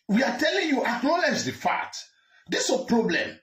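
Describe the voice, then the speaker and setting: Male commentator, fiery and repetitive, high animated pitch, echoey room. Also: moderate pace. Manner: fiery, repetitive, shouts at times. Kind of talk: heated opinion monologue. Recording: roomy echo.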